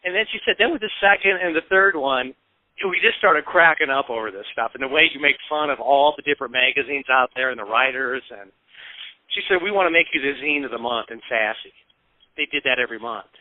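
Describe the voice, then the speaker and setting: A man's voice: medium pitch, a little fast, no echo. A man in his fifties from the American Midwest, telling casual stories as an interview guest, acting out the voices of people he quotes and swearing now and then. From Peoria, Illinois, US. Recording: tinny phone-like dry sound.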